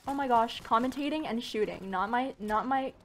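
A woman giving live gameplay commentary at home, excitable, shrieking and exclaiming and making gun noises as she plays. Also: a little high, moderate pace, slight background noise. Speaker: gaming YouTuber.

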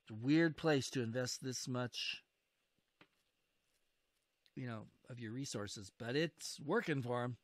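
A man's voice: medium pitch, measured pace, pauses often, no echo. A man playing a strategy wargame who comments casually, urges his units on and reacts to each turn with groans and cheers. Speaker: wargame video host. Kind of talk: casual let's-play commentary.

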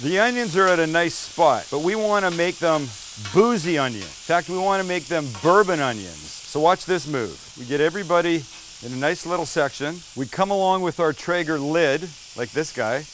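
A man's voice: a little high, expressive, moderate pace, a bit bright, slight background noise. A middle-aged man hosting a casual cooking demo, chatty and teasing as he cooks. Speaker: cooking show host.

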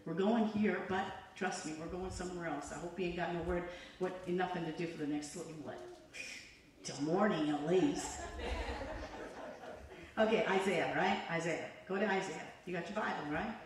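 A woman's voice: fairly low pitch, normal speed. A woman evangelist preaching a sermon in a church, fervent and conversational, drawing the congregation in with call-and-response. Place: church sanctuary. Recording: echoey church hall from far off.

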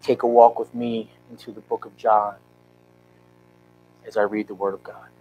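A man's voice: lowish voice, level tone, moderate pace, lo-fi sound, a little hiss or hum. Earnest man preaching a personal sermon. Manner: earnest, emotional storytelling with frequent restarts. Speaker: pastor. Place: church sanctuary.

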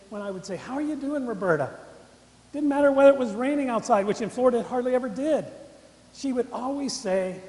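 A middle-aged man gives a sermon as a college chaplain, often turning questions to his listeners. His voice sits high for a man. The sound rings out in a large, echoing chapel. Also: a little mellow. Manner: interactive, asks the congregation questions. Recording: echoey chapel with long reverb.

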